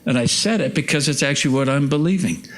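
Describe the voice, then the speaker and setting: A man's voice: medium pitch, fast, a bit bright, a little hiss or hum. A man preaching a sermon as pastor, conversational and self-deprecating, asking the congregation questions. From United States. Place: church.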